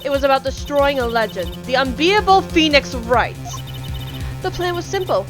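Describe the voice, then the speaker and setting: A woman's voice: high-pitched, animated, normal speed. A woman reading as a smug scheming card dealer. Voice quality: failed attempt at a foreign accent. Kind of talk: reading game dialogue aloud. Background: game music.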